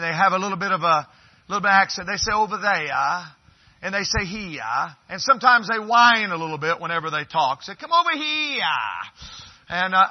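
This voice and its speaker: A man in his fifties preaching as a visiting pastor in a church, folksy and joking with the congregation. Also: high-pitched. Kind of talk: sermon. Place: church sanctuary. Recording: dull lo-fi sermon recording.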